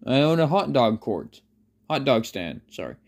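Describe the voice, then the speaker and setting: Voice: medium pitch, sing-song, normal speed, darkish tone. Brief: easygoing, jokey skeleton with a casual delivery , voiced by a fan storyteller. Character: laid-back joking skeleton.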